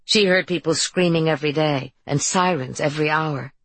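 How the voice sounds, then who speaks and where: An audiobook narrator, a woman, reads scripted narration at a moderate pace in a low, husky voice that drops into creaky fry at the bottom. The recording is dry and close, with no room sound or echo.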